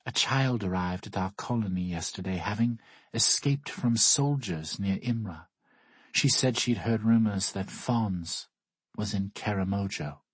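A man reads as a mysterious child who speaks slowly and darkly in this audiobook. The voice sits low and breathy, close and dry. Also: no echo. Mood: grave. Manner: slow, hushed, ominous. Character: solemn mysterious child of a virtual world.

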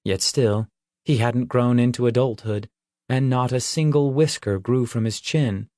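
A man reading a fantasy novel aloud as an audiobook narrator, with measured storytelling. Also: medium pitch, a little mellow, no echo, studio quality. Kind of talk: scripted narration.

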